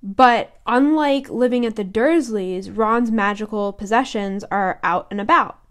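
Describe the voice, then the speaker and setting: A young woman co-hosting a podcast, chatting casually about a book and giggling as she reads quotes aloud in voices. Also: medium pitch. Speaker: podcast co-host.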